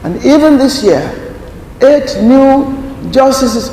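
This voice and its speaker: A man giving a formal prepared speech at a conference, slow and deliberate, stressing key words. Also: very high-pitched, expressive, mellow, slight background noise. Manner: slow, deliberate, emphatic delivery. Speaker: conference speaker. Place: large conference hall. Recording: echoey hall, faint ambience.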